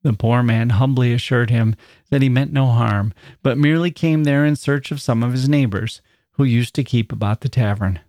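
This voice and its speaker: A podcast host reading a classic story aloud in a measured, expressive way. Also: male voice, medium pitch, dry recording, clean studio sound.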